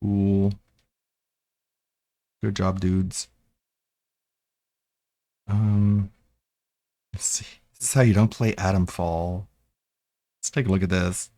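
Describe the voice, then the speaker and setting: A man's voice: sits low, steady tone, takes it slowly, pauses often, warm tone, no echo, studio quality. A man streaming live and mocking a gameplay video in casual, sarcastic commentary.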